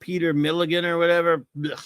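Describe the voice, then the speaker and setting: A man's voice: a little high, flat delivery, quick pace, a bit bright, smooth, no room sound, clean studio sound. A middle-aged American man hosting a comics talk show, ranting about a comic with mocking scorn. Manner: scornful, mocking, repetitive rants.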